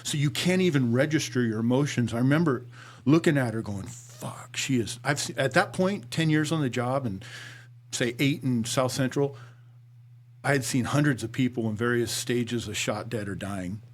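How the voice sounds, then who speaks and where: Speaking at normal speed, a middle-aged ex-cop recounts his experiences conversationally to a podcast host. He voices the dialogue himself and sinks into a low, quiet tone when things turn serious.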